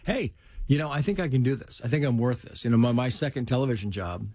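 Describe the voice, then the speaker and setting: A middle-aged man telling personal stories in casual conversation, animated, acting out the voices of people in them. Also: mid-range voice, fast, no room sound, clean studio sound. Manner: animated storyteller, acts out quoted voices. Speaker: guest telling life stories.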